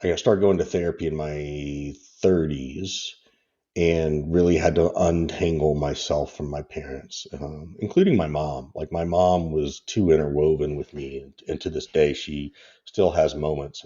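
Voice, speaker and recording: A man's voice: extremely low pitch, steady tone, normal speed, mellow, highs cut off. A man in his fifties, a podcast guest, telling personal stories in a rambling, candid way and laughing through them. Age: 50s. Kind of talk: casual interview storytelling.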